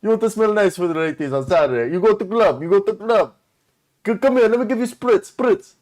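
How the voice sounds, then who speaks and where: A man's voice: animated, a little fast, darkish tone. A man putting on a wheedling voice as a pushy male perfume salesman at a mall kiosk. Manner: wheedling, hard-sell pitch.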